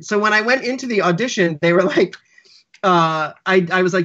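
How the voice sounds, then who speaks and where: A man's voice: sits high, quick pace, bright, forceful tone. A man, a writer and actor, telling rambling anecdotes as a podcast guest with lots of restarts, on dull lo-fi audio. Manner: rambling storyteller, many restarts and fillers. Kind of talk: casual anecdote in podcast interview.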